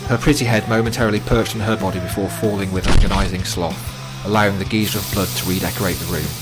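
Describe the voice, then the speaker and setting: A man reading a horror audiobook in a dramatic, measured way. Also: deep voice, fairly even intonation. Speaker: narrator. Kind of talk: scripted horror story narration. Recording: narration with loud music bed.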